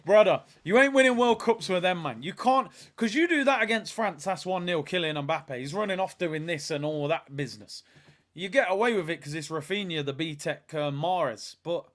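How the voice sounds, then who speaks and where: Excitable young man hosting a watch-along. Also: on the high side, moderate pace. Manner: excitable, chatty, slangy banter. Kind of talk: live match watch-along commentary.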